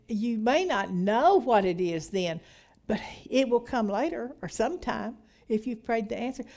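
A woman's voice: a little high, darkish tone. A middle-aged woman teaching a women's Bible study, reading from a book and commenting with hallelujahs. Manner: reads aloud from a book and comments, with frequent hallelujahs and laughter.

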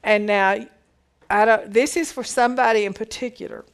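A woman's voice: on the high side, fairly even intonation, normal speed, clean tone. A woman giving a conversational Bible teaching, reading verses aloud and explaining them with emphatic repetition.

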